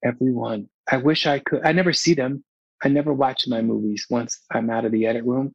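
Gravelly, husky man talking frankly. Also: mid-range voice, fairly even intonation, fairly quick, no room sound, lo-fi sound. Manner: emotional, frank, many restarts and repeats. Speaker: film director, guest. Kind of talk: candid casual interview talk.

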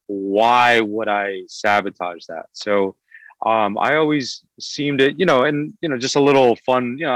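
A man with a fairly low voice, a guest filmmaker in an interview, rambling along with lots of fillers and half-started phrases. it sounds dry and close, with no room around him. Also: a bit bright, no echo, low-quality recording. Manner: rambling, many fillers and restarts. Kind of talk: casual interview talk.

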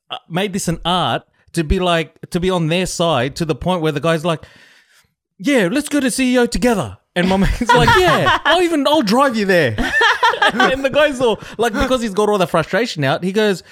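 A man's voice: high voice, no room sound, studio quality. A man co-hosting a casual podcast chat, telling an anecdote and acting out the people in it. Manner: animated storyteller, acts out quotes. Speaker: podcast co-host.

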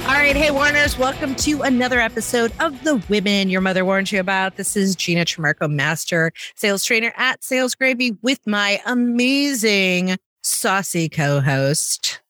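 An American woman hosting a podcast, bubbly and quick with her friendly patter. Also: medium pitch, lively intonation, a bit bright, soft background music. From United States. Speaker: podcast host, sales trainer. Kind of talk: casual podcast chat.

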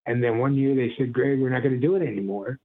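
Fast-talking and mid-range, a middle-aged Ohio voice actor tells casual stories as an interview guest over tinny phone-line audio. He's animated, chuckles often, and keeps slipping into impressions.

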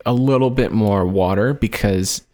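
A man's voice: lowish voice, measured pace, a little mellow. A man casually recounting a story to friends, rambling with lots of filler words. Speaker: podcast host telling the story. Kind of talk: casual chat.

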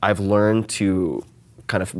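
A man talking as a guest in a casual interview, animated and self-deprecating, often restarting and filling with "like". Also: fairly low pitch, slow pace. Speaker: podcast guest.

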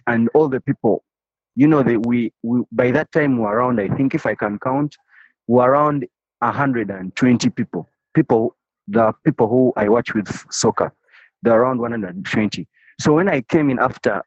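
A man's voice: mid-range voice, gravelly, a little mellow, breathy edge, no echo. A man, telling a passionate story in an interview and often repeating and restarting phrases. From Uganda. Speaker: interviewee, football fan. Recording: dry, slightly dull recording.

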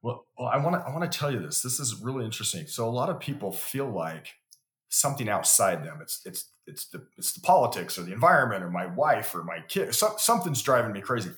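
A man's voice: medium pitch, very animated, fast, a bit bright. A man talking as a podcast guest, telling stories in an earnest way and often repeating words as he builds to a point. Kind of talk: conversational storytelling. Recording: roomy echo.

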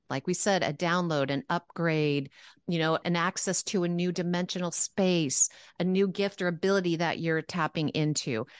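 A woman with a fairly low voice tells spiritual stories on a podcast in an earnest, chatty manner. She acts out her own quoted reactions as she goes. Her voice sounds dry and close, with little room sound. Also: clean tone, dry recording. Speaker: podcast co-host. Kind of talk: casual spiritual podcast chat.

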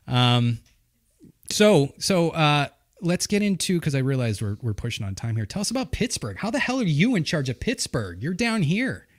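A man's voice: a little high, moderate pace. A man hosting a podcast in casual chat, telling stories with lots of laughter. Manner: animated storyteller, laughs often, does voices. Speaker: podcast host.

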